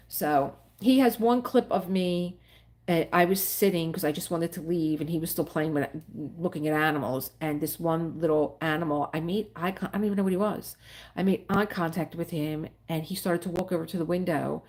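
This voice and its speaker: Chatty rambling woman, lowish voice. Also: normal speed. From Philadelphia area. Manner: rambling, chatty, emotional about animals. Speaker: livestream host. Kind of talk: casual chat with live viewers.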